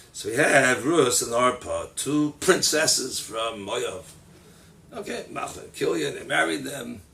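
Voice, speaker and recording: A man, a rabbi, giving a holiday sermon as animated storytelling, acting out the voices he quotes and mixing Hebrew and Yiddish terms into his English. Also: medium pitch, vocal fry. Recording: distant mic with faint background noise.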